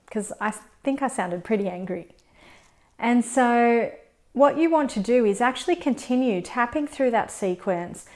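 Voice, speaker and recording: A woman teaches a tapping routine step by step. Her voice sits at a middle pitch, and she keeps a calm, gentle, measured pace of instruction. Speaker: tapping coach.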